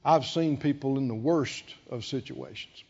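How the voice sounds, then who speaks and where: An older man preaching a sermon, animated with frequent chuckles and slow, emphatic delivery, on a dull lo-fi recording. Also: medium pitch, husky.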